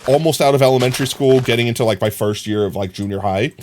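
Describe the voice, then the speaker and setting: A man's voice: mid-range voice, quick pace, darkish tone, a little hiss or hum. Rambling streamer man chatting with his viewers. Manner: rambling, full of "like" and "um" fillers; reads and answers chat comments. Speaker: live streamer. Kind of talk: casual stream chat.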